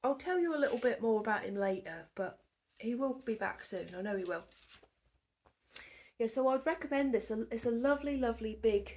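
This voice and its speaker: A woman with a slightly high, expressive voice and a darkish tone talks briskly while hosting a knitting podcast from her living room. Her show-and-tell is chatty and rambling, often dropping to a near whisper.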